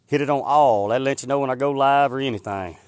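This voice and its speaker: A man's voice: mid-range voice, fast, no room sound. Folksy man live-streaming outdoors. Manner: rambling, folksy, answers viewer comments. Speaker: livestreamer. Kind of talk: casual live-stream chat. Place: outdoors in the woods. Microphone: phone held in hand.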